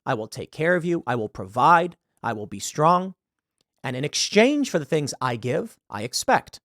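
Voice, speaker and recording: A man's voice: a little high, sing-song, moderate pace, fairly bright tone, no echo, studio quality, voice pushed down. A man doing a blunt traditional guy. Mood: matter-of-fact. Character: blunt traditional man stating his terms.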